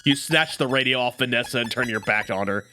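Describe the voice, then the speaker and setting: A male streamer reading a visual novel aloud and joking between the lines in an animated, playful way. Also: medium pitch, a little fast, soft background music. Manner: animated, joking, breaks into laughs.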